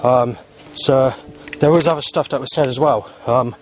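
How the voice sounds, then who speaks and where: A man's voice: medium pitch, normal speed, slight background noise. A man talking to camera outdoors in a rambling, agitated vlog monologue, full of fillers and restarts. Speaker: vlogger. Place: outdoors in the heat.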